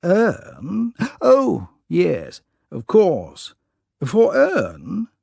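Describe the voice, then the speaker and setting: A man's voice: high voice, huge pitch swings, extremely slow, creaky, mellow, dry recording, studio quality, voice pushed up, heavily acted. A man reading an audiobook, voicing a flustered elderly English lord who splutters indignant questions in a raised voice. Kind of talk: audiobook character voice.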